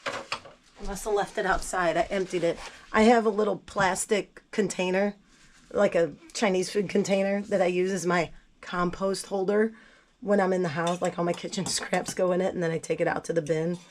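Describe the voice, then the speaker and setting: The gardening vlogger speaks in a fairly low, steady voice at a moderate pace, with slight background noise. Sick with a cold, her voice not at its best, she makes tea in her kitchen and talks bluntly and casually to the camera, mocking herself as she goes.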